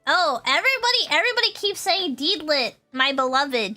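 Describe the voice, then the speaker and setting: A woman's voice: sits high, animated, normal speed, sharp tone, soft background music. A young woman streamer in casual chat with her viewers, bubbly and rambling, laughing often and repeating herself.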